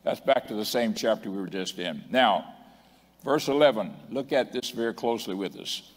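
A man preaching a sermon as a bishop, with drawn-out, emphatic phrasing, repeated refrains and self-corrections. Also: on the low side, expressive. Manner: stumbles over references and corrects himself. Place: large church sanctuary. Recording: long reverb of a church hall.

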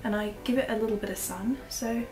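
Speaking fast in a mid-range, creaky, darkish voice with fairly even intonation, a young Australian vlogger shows around her small apartment, her accent drifting British. She chats loosely with fillers and giggles. The recording is echoey, with faint background music.

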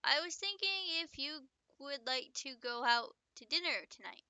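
A woman's voice: high-pitched, moderate pace, bright, forceful tone, no room sound. A woman reading out the lines of an eager, pushy female doctor in her own story, lifting her voice slightly.

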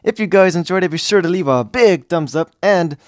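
A man's voice: sits high, fairly quick, no room sound, studio quality. A man giving casual, jokey gameplay commentary as a gaming YouTuber, rambling and easily sidetracked.

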